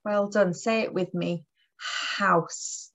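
A woman teaching phonics to young children, lively and encouraging, sounding out letters slowly. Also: on the low side, slight background noise, low-quality recording. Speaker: early years teacher. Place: classroom or home table.

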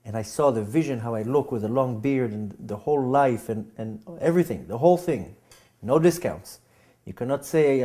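A man telling a personal story, with a halting manner full of repeats and restarts, getting animated as he acts out scenes. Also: medium pitch. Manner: animated when acting out scenes. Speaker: speaker giving a personal testimony.

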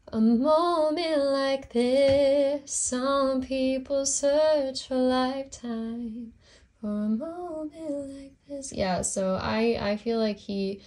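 A young woman giving a casual tarot reading at home, rambling through many fillers and apologizing for her slips. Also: mid-range voice. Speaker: tarot reader.

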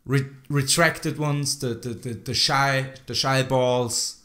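A man's voice: medium pitch, steady tone, slow, pushed and bright. A man hosting a podcast in casual chat, rambling and joking, often trailing off mid-sentence. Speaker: podcast host.

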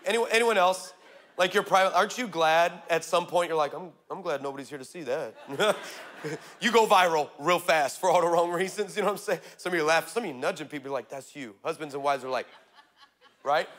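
A male pastor preaching a sermon, energetic and humorous, telling stories and building to shouts. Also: a little high, a little fast. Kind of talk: sermon with storytelling.

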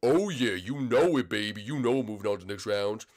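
A man voicing a brash, swaggering athletic contestant in a lowered voice. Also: lively intonation, a little fast, darkish tone, natural voice.

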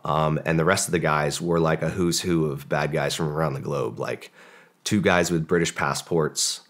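A man's voice: extremely low pitch, fairly even intonation, moderate pace. A man, a former special forces operator, telling a long story in a casual podcast interview, rambling with many fillers and acting out the dialogue.

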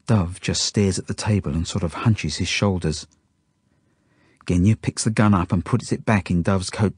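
A man reading his own novel aloud as audiobook narration, in a steady, plain first-person storytelling manner. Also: deep voice, slightly rough, dry recording, clean studio sound.

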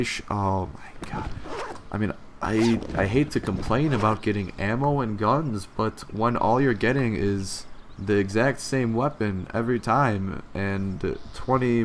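A man's voice: fairly low pitch, a little hiss or hum. Swearing, grumbling gamer guy. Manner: profane, grumbling, bursts into loud frustrated yelling. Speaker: gameplay commentator. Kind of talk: casual let's-play commentary.

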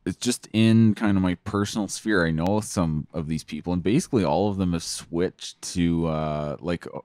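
A man's voice: deep voice, moderate pace, a little mellow, no room sound. A man co-hosting a podcast, chatting casually about politics, rambling with lots of fillers and restarts. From Canada. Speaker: podcast co-host.

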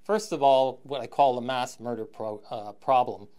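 A man giving a recorded university lecture, halting with many ums and frequent throat clearing, with wry, sardonic asides. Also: medium pitch, a little mellow. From Canada.

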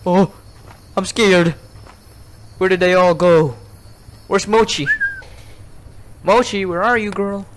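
A man's voice: sits high, fairly even intonation, slow, pauses often, slight background noise. A man commenting live on a horror game, frightened and jumpy, swearing, gasping and yelping as he explores. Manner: jumpy, frightened, swears a lot, yelps and gasps. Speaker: gamer playing a horror game.

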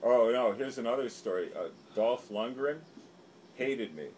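A man's voice: medium pitch, expressive, brisk, darkish tone, a little hiss or hum, poor audio. A man rambling through a comic anecdote, self-deprecating and loose in his telling. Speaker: storyteller.

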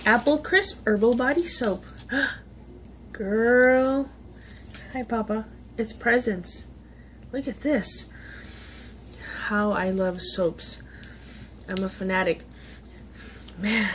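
A woman's voice: on the high side, slow pace, pauses often, slight background noise. A woman, chatting casually on a vlog as she opens gifts, gushing, gasping and laughing. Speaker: vlogger. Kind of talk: casual unboxing chat.

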